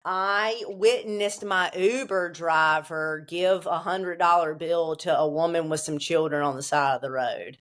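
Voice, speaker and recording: A woman's voice: on the low side, steady tone, a little slow, few pauses, fairly bright tone. A woman being interviewed, talking casually with emphatic, profane, streetwise delivery. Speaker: interview guest.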